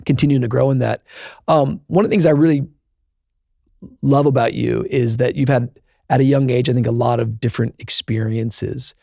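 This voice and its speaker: A man's voice: mid-range voice, steady tone, moderate pace, gravelly, dry recording, clean studio sound. A man hosting a podcast, affirming his guest and leading into questions in a casual, encouraging way. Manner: warm affirming questions with fillers and restarts. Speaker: podcast host, pastor. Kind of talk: conversational interview.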